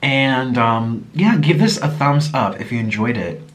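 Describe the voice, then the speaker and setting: A man's voice: mid-range voice, lively intonation, a little slow. A man hosting an eating show, chatting casually while he eats, laughing often and cooing at a pet. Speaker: mukbang host.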